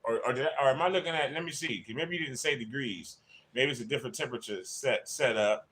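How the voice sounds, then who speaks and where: A man's voice: medium pitch, fast, fairly bright tone, a little hiss or hum. A man hosting a casual fan livestream, chatting and greeting viewers by name as they join. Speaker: livestream host.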